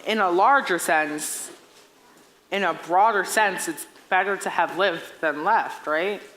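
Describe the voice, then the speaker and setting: A woman's voice: lowish voice, takes it slowly, fairly bright tone, a little hiss or hum, poor audio. A young woman playing a lonely male musical fan who talks wistfully to the audience in a stage play. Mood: rambling. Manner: chatty, wistful asides to audience. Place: theater stage.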